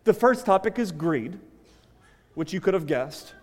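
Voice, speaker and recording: Animated preacher in a reverberant hall. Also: male voice, high voice, a little slow. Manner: animated preaching, swinging from loud emphasis to quiet asides, telling a joke story. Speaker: pastor. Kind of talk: sermon. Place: church sanctuary.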